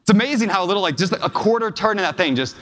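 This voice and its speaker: A man's voice: high voice, animated, racing, fairly bright tone. A man giving a talk as a real estate investor, telling emotional personal stories to a live audience and asking them questions. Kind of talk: storytelling keynote to a live audience. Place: large hall with an audience. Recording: long hall reverb.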